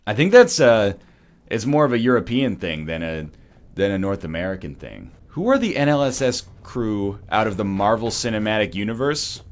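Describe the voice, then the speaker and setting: A man's voice: fairly low pitch, sing-song, moderate pace. A Canadian man giving rambling, sarcastic commentary while playing a game. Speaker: let's play streamer. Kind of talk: casual gaming commentary.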